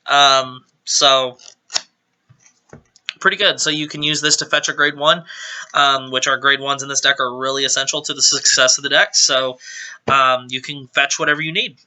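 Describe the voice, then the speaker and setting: A man's voice: medium pitch, fairly even intonation, normal speed, bright, forceful tone. A man giving a casual, rambling walkthrough of a card game deck as its reviewer, correcting himself as he goes. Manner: rambling, self-correcting explanation. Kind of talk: casual deck profile talk.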